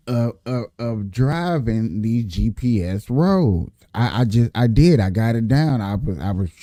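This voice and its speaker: A man casually telling a story to his viewers, animated and repetitive, often addressing them directly as y'all. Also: medium pitch, no room sound, clean studio sound. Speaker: vlogger telling a work story.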